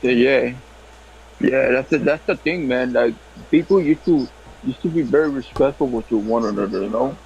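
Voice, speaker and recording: A man hosting a podcast, telling stories in a casual, animated way with lots of laughter and restarts. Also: mid-range voice, normal speed, gravelly, muffled recording, slight background noise. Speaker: podcast host. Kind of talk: casual storytelling chat.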